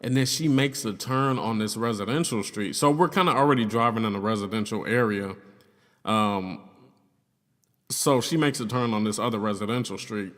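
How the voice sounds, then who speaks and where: A man's voice: fairly low pitch, moderate pace, fairly bright tone. A young man casually telling a personal story, loose and profane, with lots of fillers. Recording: long reverb, hollow room sound.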